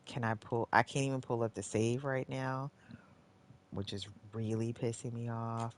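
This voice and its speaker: With a mid-range voice, fairly even intonation and a slightly slow pace, a live streamer comments on their gameplay while talking to themself. Frustration brings frequent swearing, groans and sighs, as they shift between muttering and outbursts.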